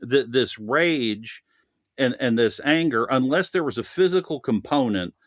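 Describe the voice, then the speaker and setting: A man's voice: mid-range voice, expressive, measured pace, dry recording, clean studio sound. A man chatting animatedly as a guest on a film podcast, laughing often and talking at length. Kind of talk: casual podcast chat.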